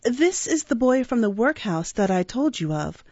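A woman's voice: high voice, lively intonation, moderate pace, a little mellow, no echo, pitched above the performer's own voice. A woman voicing a meek, deferential undertaker who talks in a raised, mild voice. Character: meek deferential middle-aged male undertaker. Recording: dull, dry recording.

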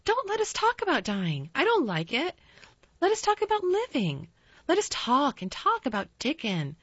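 A woman's voice: medium pitch, expressive, moderate pace, vocal fry, fairly bright tone, no echo. A woman voicing a contrary, blunt little girl who talks in an earnest, insistent way, in a slightly dull, dry recording. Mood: pleading.

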